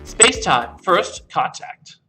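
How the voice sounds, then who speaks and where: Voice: mid-range voice, sing-song, takes it slowly. A host opening a comedy livestream in an easygoing, chatty way, plugging upcoming classes. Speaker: theater host. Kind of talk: casual livestream intro. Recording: stream with faint music.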